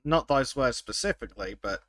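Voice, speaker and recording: A man hosting a podcast in casual chat, wry and sarcastic, with halting restarts. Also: medium pitch, animated, a bit bright, no echo. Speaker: podcast host.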